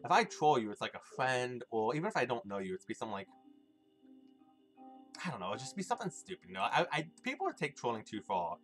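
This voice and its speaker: A man's voice: medium pitch, big pitch swings, fast, fairly bright tone, faint music behind. A young man streaming a video game, rambling loosely and chuckling as he chats with his viewers. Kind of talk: casual live gameplay commentary.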